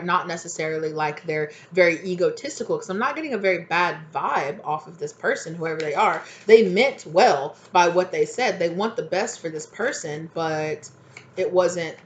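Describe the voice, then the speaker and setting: A woman with a fairly low voice talks through a tarot reading in a loose, conversational way. She keeps looping back with quick check-ins such as "right?" and "exactly". A faint hiss sits behind her voice. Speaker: tarot reader. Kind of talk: casual spoken tarot reading.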